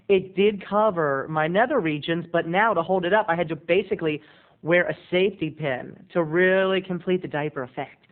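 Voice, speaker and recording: A man telling a funny personal story in an animated, self-mocking way with quick asides, heard through a tinny phone-like sound. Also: on the high side. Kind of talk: comic storytelling.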